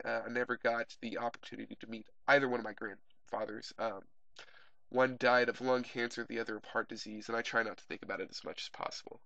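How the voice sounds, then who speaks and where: A young man from the Oklahoma Panhandle talks about his own life in a relaxed, wry monologue. His voice is bright and forward, and the sound is close and dry with no room echo. He hesitates often with uh and um. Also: mid-range voice. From Oklahoma Panhandle, USA. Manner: wry, candid, frequent uh and um fillers. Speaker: video blogger. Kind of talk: casual personal monologue.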